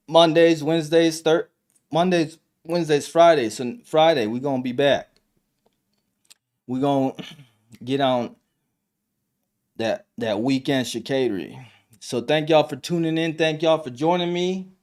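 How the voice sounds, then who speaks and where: A man's voice: mid-range voice, darkish tone. Give me a slangy guy chatting on a live stream. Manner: loose storytelling, lots of slang and fillers. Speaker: live stream podcast host. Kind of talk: casual live stream chat.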